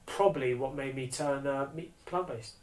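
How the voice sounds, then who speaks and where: A man's voice: medium pitch, moderate pace, a little mellow. A man co-hosting a podcast, chatting casually and telling stories animatedly, with plenty of swearing. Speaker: podcast co-host. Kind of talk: casual chat. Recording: echoey room.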